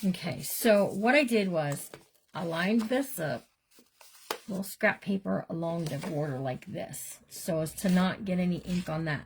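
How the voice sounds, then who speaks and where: A woman's voice: lowish voice, measured pace, slight background noise. A middle-aged woman hosting a live crafting demonstration from her home craft room, chatting with viewers as she works. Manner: chatty, talks to viewers as "you guys"; bubbly, playful made-up words. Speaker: craft livestream host.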